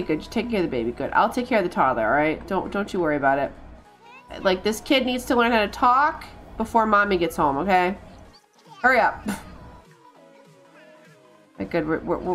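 A woman streaming a life-simulation game, chatting and bossing her characters around with lots of laughs and stumbling repeats. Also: medium pitch. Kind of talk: live gameplay commentary.

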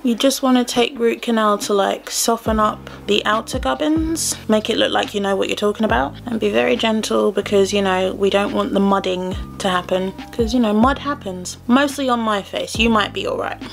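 Chatty woman with a gravelly edge. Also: medium pitch, moderate pace, few pauses. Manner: chatty, self-deprecating, rambling asides. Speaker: beauty vlogger. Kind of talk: casual makeup tutorial chat. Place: home room, indoors. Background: faint background music.

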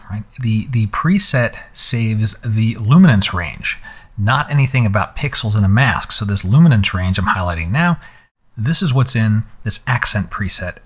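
Man, photography instructor, casual screen-recorded tutorial, conversational, mid pitch. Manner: relaxed, conversational explaining with fillers.

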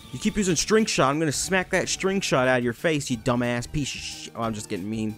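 A young man commentating his video game playthrough, rambling and cursing, shouting at the game now and then. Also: medium pitch, quick pace, few pauses, faint music behind. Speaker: gaming channel host. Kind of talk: let's play commentary.

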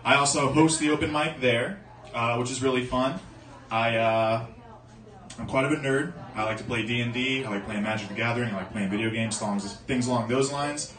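A man's voice: medium pitch, fairly quick, fairly bright tone. A young man doing a stand-up comedy set, telling loose, rambling stories with lots of fillers. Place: comedy club stage at an open mic. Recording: echoey club recording from far off, audience noise. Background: audience laughing and cheering.

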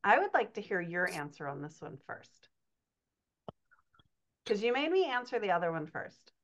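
A woman's voice: mid-range voice, big pitch swings. A woman co-hosting a podcast as a writing coach, chatting in an affirming, explanatory way. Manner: affirming, quick to agree, explanatory. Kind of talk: casual chat. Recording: dull lo-fi remote audio.

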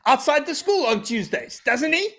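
A man voicing a clueless, puzzled father in a squeaky voice. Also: big pitch swings, normal speed, pushed and bright, exaggerated voice.

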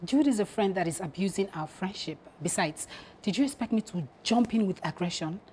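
An actress with a Nigerian accent playing a hot-tempered wife and businesswoman who demands payment from a friend, her voice jumping from sharp outbursts to low murmurs. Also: animated, a little hiss or hum, lightly acted. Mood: soothing defensive. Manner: sharp, demanding, quick to rise then drop to a low murmur.

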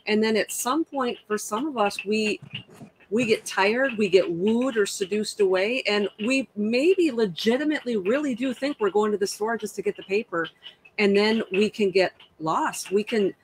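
A woman's voice: medium pitch, moderate pace, a little hiss or hum, low-quality recording. Thoughtful woman co-host. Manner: thoughtful, articulate. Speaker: podcast co-host. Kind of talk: reflective discussion.

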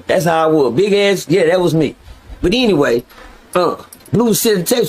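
Male storyteller, casual, profane, slightly high voice. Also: a little fast, a little hiss or hum. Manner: profane, animated, addresses listeners directly.

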